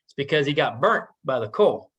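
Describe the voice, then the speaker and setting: A man telling a traditional story casually at a community meeting, relaxed and animated. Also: medium pitch, normal speed, slightly rough, highs cut off.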